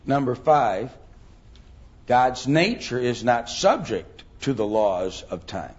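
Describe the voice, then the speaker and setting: A man's voice: mid-range voice, animated, slow pace, highs cut off. A middle-aged man teaching a Bible class, thinking aloud with many ums and rhetorical questions.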